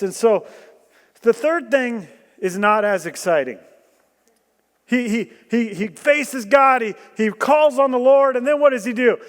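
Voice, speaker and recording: A man preaching a sermon, animated and joking, asking the room questions and bursting into loud emphasis. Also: very high-pitched. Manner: animated storytelling with jokes and rhetorical questions. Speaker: guest preacher. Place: church hall. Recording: long church hall reverb.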